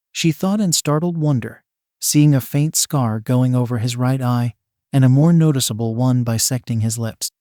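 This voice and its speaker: A man narrates a story in a steady, even reading voice. His pitch is medium for a man. The sound is dry and close, with no room around it. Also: normal speed, no room sound. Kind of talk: fan fiction reading.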